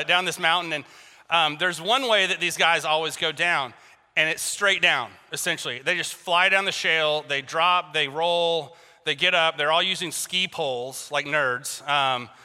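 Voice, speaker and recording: Male preacher, high voice, keeps the sermon light with jokes and questions to the crowd; recorded in a reverberant hall. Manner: animated, joking, talks to the crowd with questions. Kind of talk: sermon with personal storytelling. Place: large hall with a congregation. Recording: long reverb from a large hall.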